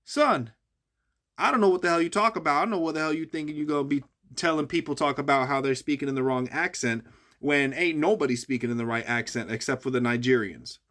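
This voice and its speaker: A man's voice: fairly high pitch, quick pace, a bit bright, lightly acted. A man voicing a stern elderly woman elder who scolds her son bluntly and with exasperation. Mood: scolding.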